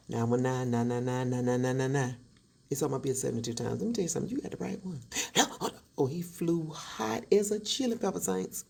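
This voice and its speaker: A woman's voice: low voice, animated, fast talker, vocal fry, mellow, slightly rough. A woman telling a true story in a dramatic, sassy storytime style, acting out each voice. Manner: dramatic, sassy, acts out every voice. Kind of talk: animated storytime.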